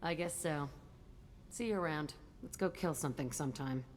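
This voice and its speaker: A woman's voice: sits low, normal speed, in a large hall, slight background noise, close to an everyday voice. A woman voicing a hardened, bitter young woman fighter in video game dialogue, blunt, curt and defiant.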